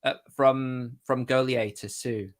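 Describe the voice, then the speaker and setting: A woman with an extremely deep voice hosts the interview. She asks her questions in a relaxed, slightly hesitant way. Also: takes it slowly. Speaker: host. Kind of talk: casual conversation.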